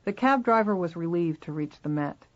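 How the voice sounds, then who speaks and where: A reader narrating a first-person memoir in a steady, measured way. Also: mid-range voice, lo-fi sound.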